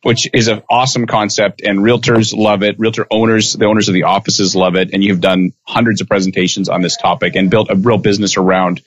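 A man hosting an interview podcast, talking in an energetic, casual way. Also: on the low side, a little fast, hardly any pauses, lo-fi sound. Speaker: podcast host.

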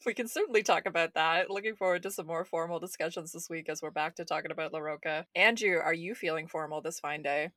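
Woman host in her 30s, lowish pitch, enthusiastic, laughs a lot, dry recording. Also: quick pace, hardly any pauses, fairly bright tone, dry recording. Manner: gushing, enthusiastic, laughs often. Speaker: podcast host. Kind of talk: casual podcast chat.

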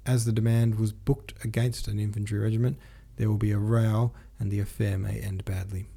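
A man voicing a cautious regimental commander giving measured advice. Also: on the low side, little pitch movement, gravelly, mellow. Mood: warning.

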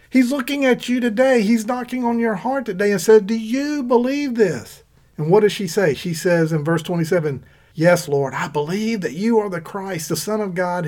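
A man preaching an earnest sermon, quoting scripture and retelling a Bible story. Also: darkish tone. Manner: earnest, scripture-quoting, rises in pitch for emphasis.

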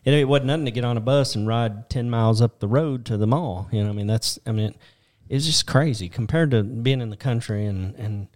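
A man's voice: mid-range voice, fairly quick, few pauses, a little mellow. A middle-aged man from Detroit, co-hosting a podcast in a casual, rambling chat and laughing often. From Detroit, Michigan. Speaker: podcast co-host.

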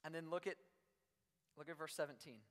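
A young man with a fairly high voice preaches to a room full of students, chatty and animated, leaning on casual fillers. His voice rings with the long reverb of a big hall. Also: fairly quick. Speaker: youth pastor. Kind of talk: sermon. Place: large room before an audience.

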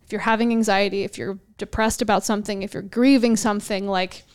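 Smooth-voiced earnest woman podcast co-host. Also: medium pitch, steady tone, fast. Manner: earnest, reflective, speaks in long flowing runs. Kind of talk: casual faith talk.

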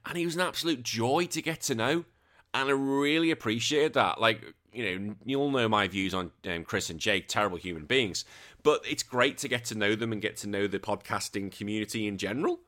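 A man's voice: fairly low pitch, fairly quick, fairly bright tone. A man with a British accent hosting a retro gaming podcast, rambling in a chatty, self-deprecating way. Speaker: podcast host. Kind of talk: casual podcast monologue.

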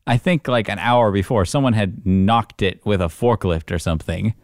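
A man's voice: on the low side, moderate pace, no room sound, studio quality. A man in casual chat, animatedly telling a story from work and acting out his own panic.

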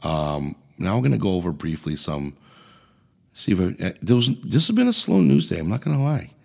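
A man's voice: low voice, big pitch swings, fairly quick, gravelly, darkish tone. A man hosting a podcast, delivering an angry, profane political rant in a blunt way. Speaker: podcast host. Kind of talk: ranting political commentary.

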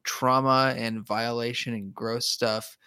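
A man's voice: medium pitch, level tone, takes it slowly, sharp tone, smooth. A man with a mid-range voice weighs his words carefully, stopping and restarting as he works out what he means. He is recorded close, with a dry sound and no room echo. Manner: thoughtful, hesitant, restarts while searching for words. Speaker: podcast co-host. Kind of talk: casual discussion.

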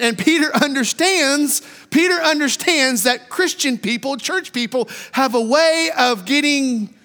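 A middle-aged man preaches a sermon in a notably high, bright voice. He tells stories with animation and circles back on his own phrases. His words carry a long reverb from a large church hall. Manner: animated storytelling, repeats phrases. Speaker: pastor. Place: church sanctuary.

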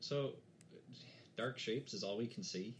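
A man's voice: fairly low pitch, unhurried, slight background noise. A man playing a tabletop game in casual chat, hesitant with many restarts and dry humor. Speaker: player.

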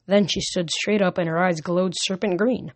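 Woman reading a novel, lowish voice. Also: dry recording. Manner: slow, steady reading with small slips. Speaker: audiobook reader.

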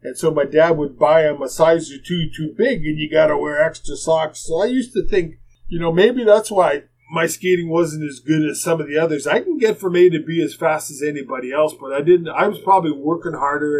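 A man's voice: on the high side, moderate pace, darkish tone, husky, low-quality recording. An older man, a former hockey player rambling through plainspoken anecdotes as a podcast guest. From Canada. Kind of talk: casual storytelling.

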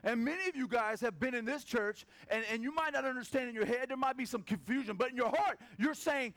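This male preacher has a very high voice and moves fairly quickly, barely pausing. His sermon is casual, full of animated stories where he imitates each voice.

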